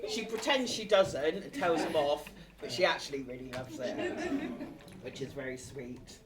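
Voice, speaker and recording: A woman's voice: deep voice, moderate pace. A woman in her forties giving a wedding speech in a hall, emotional and a bit tipsy, laughing and apologising as she goes. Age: 40s. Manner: emotional, laughing through tears, apologetic asides. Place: large hall at a wedding reception. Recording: distant mic with a lively crowd.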